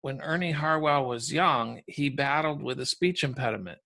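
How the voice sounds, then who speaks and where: A man hosts a podcast and guides callers through their stories in a polite, steady way. His voice is bright and forward, at an ordinary pitch for a man. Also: normal speed, gravelly. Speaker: podcast host. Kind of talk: hosting call-in interviews.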